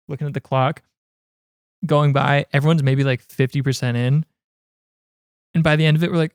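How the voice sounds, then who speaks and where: Guy with a kinda high voice telling a story on a podcast, dry close sound. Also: brisk, no echo. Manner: chatty, recounts anecdotes with quoted asides. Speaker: podcast co-host. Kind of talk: casual podcast chat.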